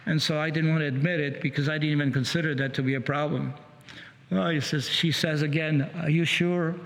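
A man preaching, retelling another man's conversion story in a halting, repetitive way, with many restarts. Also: on the high side, fairly even intonation. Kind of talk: sermon storytelling. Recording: long hall reverb.

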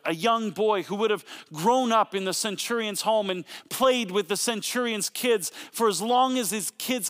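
Male pastor, high-pitched, dramatic storytelling sermon delivery. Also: a bit bright. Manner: dramatic storytelling, acting out quotes.

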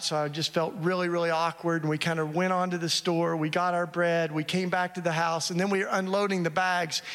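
A man with a fairly high voice tells a story to an audience in a large hall. He talks in an earnest, conversational way with frequent asides. His words trail into a long reverb. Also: a bit bright. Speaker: speaker at a church event. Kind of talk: storytelling talk.

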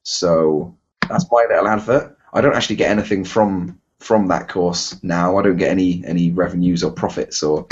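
A man's voice: sits low, steady tone, normal speed, highs cut off, slight background noise. A man with a Bristol English accent, hosting a casual podcast chat, rambling and self-deprecating with lots of fillers and restarts. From England. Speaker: podcast host.

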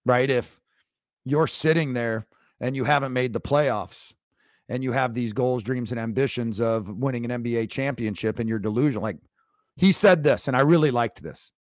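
A man's voice: mid-range voice, moderate pace, no room sound, clean studio sound. A man hosting a coaching podcast, telling a sports story in a rambling, emphatic way with frequent restarts. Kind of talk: solo podcast monologue.

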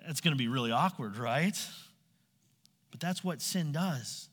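A man's voice: a little high, animated, a little slow, fairly bright tone. A man preaching a sermon, asking his listeners direct questions and acting out quoted voices. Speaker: pastor. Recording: long hall reverb.

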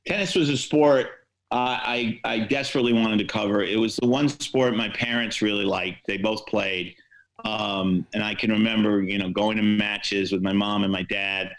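A man's voice: lowish voice, steady tone, moderate pace, fairly bright tone, low-quality recording. An older American man, a sportswriter, telling wry, self-deprecating stories with many fillers in a podcast interview. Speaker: sportswriter guest.

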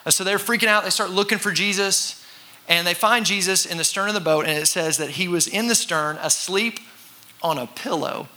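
Animated bright-voiced male preacher. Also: sits high, moderate pace. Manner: animated, acts out voices and shouts for effect; conversational with congregation call-and-response. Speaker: pastor. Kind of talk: sermon.

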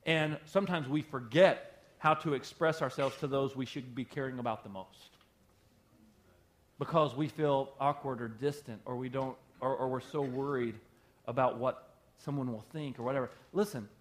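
A man who is a pastor, preaching an emphatic sermon to his congregation with heavy repetition and call-and-response. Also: mid-range voice.

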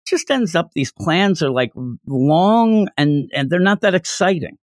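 A man's voice: fairly high pitch, lively intonation, measured pace, no echo, studio quality. A man in casual chat, rambling and restarting his sentences as he talks. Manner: rambling, chatty, self-interrupting.

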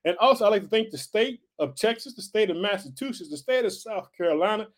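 Male podcast preacher, forties, high-pitched and fervent, repetitive exhortations. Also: animated, fast talker. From United States. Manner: fervent, repetitive calls of hallelujah and family.

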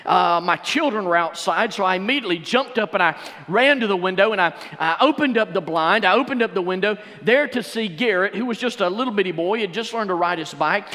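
A man preaching a sermon as pastor, swinging between shouted fervor and hushed, intimate stretches. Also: sits high, animated, brisk. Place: church sanctuary. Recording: long church reverb.

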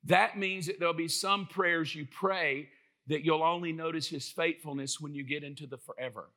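Middle-aged male preacher, high bright voice, impassioned sermon delivery that rises to shouts. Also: fairly even intonation, moderate pace. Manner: impassioned, often shouting to the congregation.

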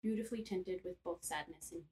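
A woman's voice: fairly low pitch, brisk, a little mellow, low-quality recording. A woman co-hosting a podcast in casual book chat, agreeable and reading book blurbs aloud. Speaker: podcast co-host.

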